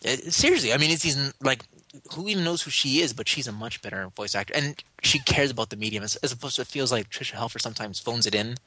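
A man's voice: medium pitch, lively intonation, fast talker, bright, forceful tone, no echo. A man co-hosting a casual podcast, rambling with sarcastic asides. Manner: rambling, hesitant, lots of fillers and restarts, sarcastic. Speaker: podcast co-host. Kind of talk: casual chat.

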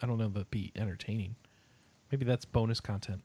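A man's voice: on the low side, fairly even intonation, fairly quick, mellow, husky. Playful rambling male podcast host. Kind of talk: casual podcast chat.

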